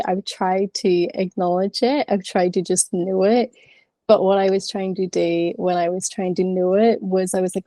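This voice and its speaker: Mellow, chatty woman on a video call. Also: lowish voice, fairly even intonation, moderate pace, dry recording. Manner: frank, chatty, many fillers. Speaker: class participant. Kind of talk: casual sharing in an online class.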